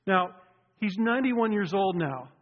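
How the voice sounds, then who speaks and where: A pastor opens his sermon casually in a church sanctuary, cheerful and joking as he tells stories in a chatty, animated, unhurried way. His slightly high voice rings through the big space with a long reverb, and the sound is a bit dull and muffled.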